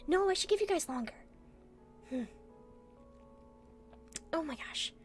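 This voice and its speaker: A young woman with a very high voice chats casually with her stream audience. She giggles constantly and keeps hiccuping between sentences. Soft music plays faintly behind her. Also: animated, a little slow. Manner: giggly, laughs often. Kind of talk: casual chat.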